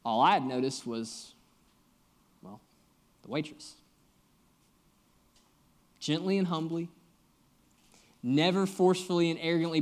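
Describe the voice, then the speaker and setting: A man's voice: on the high side, darkish tone. Young man preaching with humor. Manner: storytelling, joking, conversational preaching. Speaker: guest pastor. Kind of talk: sermon.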